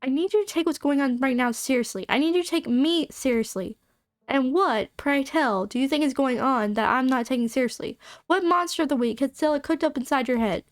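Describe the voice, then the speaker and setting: A woman's voice: high-pitched, fairly quick, no echo, studio quality, close to an everyday voice. A woman playing a haughty, scolding mine boss. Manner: scolding, imperious. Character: cold, haughty woman who runs the mine.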